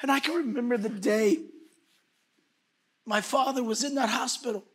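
A man preaching a sermon, impassioned, swinging between shouted bursts and hushed whispers. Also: extremely high pitch, steady tone, normal speed, slightly rough.

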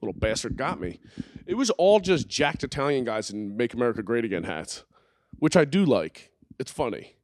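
A man's voice: medium pitch, big pitch swings, moderate pace, darkish tone, no echo, studio quality. A young man hosting a podcast from his living room, rambling and joking crudely in casual banter. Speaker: podcast host.

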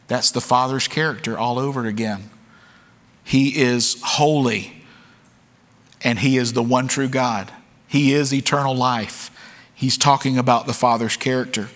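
A man's voice: mid-range voice, fairly even intonation, unhurried, fairly bright tone. A man preaching a sermon to his church, speaking earnestly and candidly, often repeating words as he goes. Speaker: pastor. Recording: long hall reverb.

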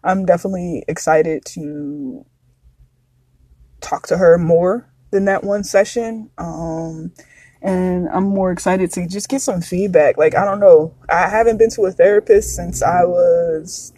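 Here a woman in her thirties hosts a podcast, her talk candid and confessional, loose and wandering off on tangents. She has a low-leaning, warm voice with a breathy edge, recorded without echo.

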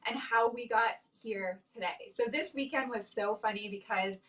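Woman host in her thirties, fairly high voice, effusive and emotional, a little distant from the mic. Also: normal speed, a bit bright. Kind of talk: casual chat.

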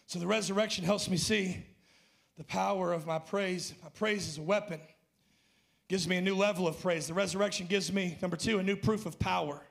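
A man with a very high, gravelly voice preaches a sermon in a church. He builds to fervent shouted peaks, then drops back down to a low, intense delivery. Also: fairly even intonation, fairly quick. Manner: impassioned, rising to shouts and dropping low. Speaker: pastor.

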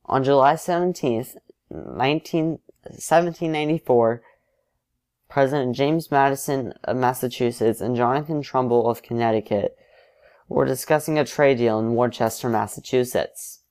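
Male narrator for alternate history, steady and explanatory, mid-range voice. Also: medium pitch, normal speed, clean tone.

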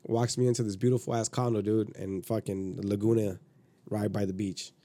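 This man tells a long, rambling story full of swearing and acts out the other people as he goes. His voice sounds warm and relaxed. It is recorded dry and close. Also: on the low side, normal speed, no echo. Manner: profane, rambling, acts out quotes. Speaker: podcast guest. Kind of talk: casual storytelling.

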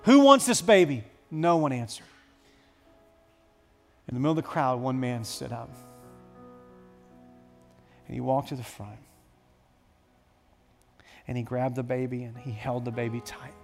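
A man preaching a sermon to his church, telling a story with dramatic swings between hushed and loud. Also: mid-range voice, fairly even intonation, a little slow, creaky, pauses often, soft background music. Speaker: pastor.

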